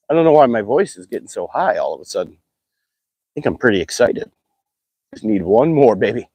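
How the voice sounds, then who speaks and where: A man casually chatting on a live stream while fishing, excitable and talkative, whooping when thrilled. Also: mid-range voice, normal speed, long pauses, no room sound.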